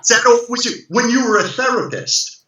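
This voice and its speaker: A man's voice: very high-pitched, moderate pace, sharp tone, highs cut off. A man guesting on an interview show, talking earnestly with many hesitant fillers. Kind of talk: casual interview chat. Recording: distant mic with heavy echo.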